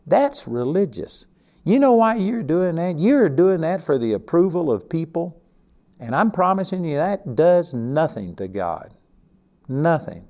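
A man's voice: on the high side, sing-song, a little slow, mellow. An older man from Texas with a Texan accent, teaching a sermon in a folksy, conversational way with emphatic stresses. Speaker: Bible teacher.

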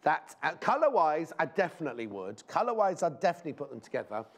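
A man's voice: fairly high pitch, very animated, quick pace. A man presenting a live shopping show in a TV studio, chatting in rambling anecdotes and speaking fondly to viewers.

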